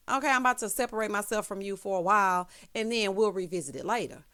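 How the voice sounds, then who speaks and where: A woman's voice: mid-range voice, quick pace, few pauses. Sassy woman recapping reality TV. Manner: sassy, animated, with frequent exclamations. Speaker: TV recap vlogger. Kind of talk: casual reality TV recap commentary.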